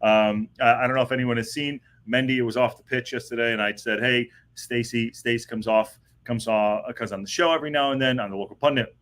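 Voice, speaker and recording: A podcast host with a mid-range, fairly bright voice keeps a steady tone and a fairly quick pace, hardly pausing. He hosts a live football podcast as casual live-stream chat, rambling with lots of fillers and restarts.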